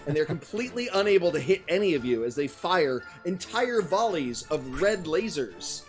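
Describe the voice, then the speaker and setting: A man's voice: fairly high pitch, sing-song, normal speed, soft background music. A man narrating a tabletop game as game master, hesitant, with many ums and frequent laughs.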